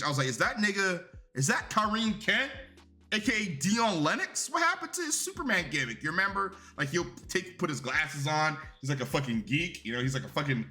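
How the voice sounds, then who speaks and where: A man's voice: fairly high pitch, pushed and bright. A young man giving a casual, rambling and profane review of a wrestling show.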